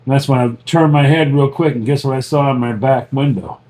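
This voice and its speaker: A man's voice: mid-range voice, brisk. A man co-hosting a casual chat, telling stories with lots of swearing and laughter. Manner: profane, laughing, animated storytelling. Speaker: podcast co-host. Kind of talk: casual banter.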